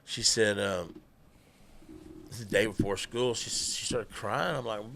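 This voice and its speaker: A man's voice: fairly low pitch, big pitch swings, moderate pace, vocal fry, bright, forceful tone, a little hiss or hum. A middle-aged man, telling stories in a chatty, laughing, drawling way. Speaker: guest musician. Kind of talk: casual storytelling.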